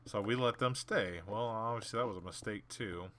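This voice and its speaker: Gamer guy chatting over gameplay, lowish voice but bright and punchy, sarcastic storyteller. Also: moderate pace, slight background noise. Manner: animated, acts out the people in his story; blunt, sarcastic about people. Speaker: gaming channel host. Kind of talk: casual storytelling while playing a game.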